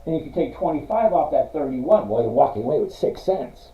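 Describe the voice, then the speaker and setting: A man's voice: on the high side, animated, brisk. A middle-aged man hosting a casual livestream, chatting with viewers and reading out their comments. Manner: chatty, reads out viewer comments, apologetic refusals. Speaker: livestream host reviewing stocks. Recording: roomy, dull lo-fi stream audio.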